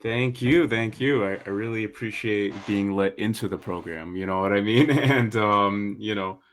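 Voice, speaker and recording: A man's voice: lowish voice, steady tone, moderate pace, slight background noise. A man thanking the team on an online call, grateful and joking with laughs. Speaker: new ambassador.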